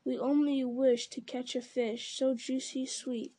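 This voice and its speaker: A sly, creeping male creature, put on by a woman reading aloud, lilting in a wheedling sing-song. The voice sits a little high and stays mellow and soft-edged. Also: flat delivery, measured pace.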